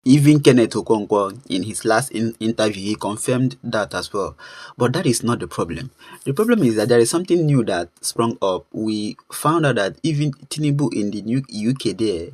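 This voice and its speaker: A man's voice: lowish voice, lively intonation, normal speed, a little mellow, slightly rough, dry recording. A man with a Nigerian accent giving casual spoken commentary in a plain, conversational way. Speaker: vlogger commentator.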